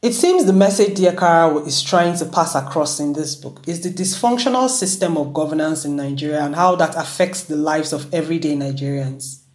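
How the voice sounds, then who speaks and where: The host of a book review show, talking through a novel and reading a passage from it in a measured, clear way. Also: mid-range voice. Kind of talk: book review with read excerpt.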